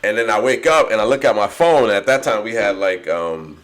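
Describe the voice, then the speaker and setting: A man's voice: fairly low pitch, fairly quick. A man in his thirties from New Jersey, co-hosting a podcast and telling a story casually, laughing often and swearing freely. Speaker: podcast co-host.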